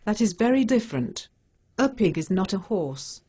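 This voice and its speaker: A woman's voice: mid-range voice, big pitch swings, normal speed, dark tone, breathy edge. A female synthetic voice playing a stubborn, bacon-loving cat superhero who talks in blunt, plain statements. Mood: conceding. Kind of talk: synthetic animated dialogue.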